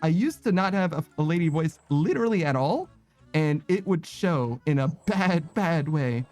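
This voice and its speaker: A man chats loosely with his stream viewers as he plays, his voice sitting a little high for a man. He rambles, second-guesses himself and breaks into laughter often. Faint music plays underneath. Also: animated, normal speed, a little mellow. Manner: giggly, rambling, self-conscious. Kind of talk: casual chat with viewers while gaming.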